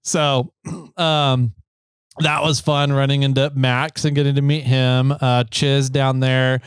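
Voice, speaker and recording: A man's voice: medium pitch, little pitch movement, takes it slowly, clean tone, no room sound, clean studio sound. A man hosting a podcast, telling stories in a rambling, casual way with many fillers and easy laughs. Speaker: podcast host.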